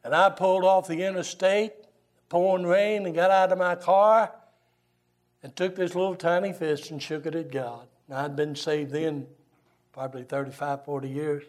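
An older man, a Baptist pastor preaching a sermon and telling folksy, animated stories. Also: fairly high pitch, moderate pace. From Southern US. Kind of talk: sermon with storytelling.

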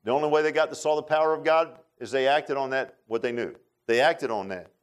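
A male pastor preaching a sermon in an animated, informal way, often repeating words and making joking asides to the congregation. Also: mid-range voice, a little fast, smooth.

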